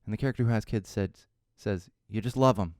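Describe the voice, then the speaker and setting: A man hosting his own podcast, talking solo in an animated, ranting way and mocking other people's voices. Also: fairly low pitch, fast, no room sound, clean studio sound. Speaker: podcast host.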